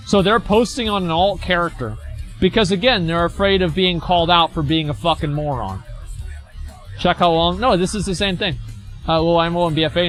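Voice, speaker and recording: A man's voice: on the high side, a bit bright. Blunt, mocking male streamer. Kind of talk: reading and reacting to forum posts.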